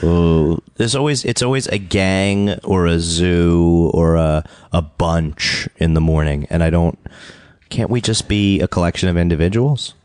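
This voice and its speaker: A very low-voiced man co-hosts a comedy chat and wanders off into absurd tangents. The sound is dry and close. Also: a little slow, darkish tone, smooth, dry recording. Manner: rambling, absurd asides. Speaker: co-host. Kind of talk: casual chat.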